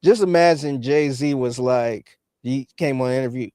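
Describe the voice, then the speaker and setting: A man co-hosting a podcast, talking in a relaxed way and often acting out what others might say. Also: mid-range voice, normal speed, few pauses, no echo, clean studio sound. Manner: relaxed, acts out quotes. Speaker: podcast co-host. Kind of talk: casual podcast commentary.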